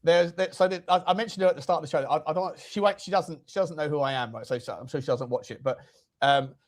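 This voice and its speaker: High-voiced, animated swearing football host. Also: male voice, fast. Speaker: host of a football fan show. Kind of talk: casual chat.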